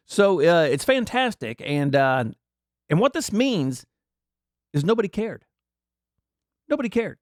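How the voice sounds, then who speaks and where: A man's voice: a little high, dry recording, clean studio sound. A man hosting a podcast, ranting his political opinions in a blunt, mocking way and repeating himself. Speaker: podcast host.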